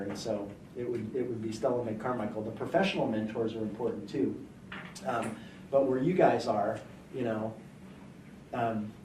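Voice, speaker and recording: A man's voice: medium pitch, darkish tone, slight background noise. A man on a college panel, sincerely recalling someone who mentored him. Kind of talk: reflective storytelling on a panel. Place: college hall. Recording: roomy and distant.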